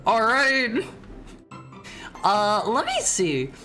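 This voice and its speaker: A man streaming as a VTuber, chatting playfully with his viewers and teasing them. He keeps tripping into restarts, and his pitch swings up and down. Faint music plays softly behind him. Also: wildly swooping pitch, drawn-out words. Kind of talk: casual live-stream chat.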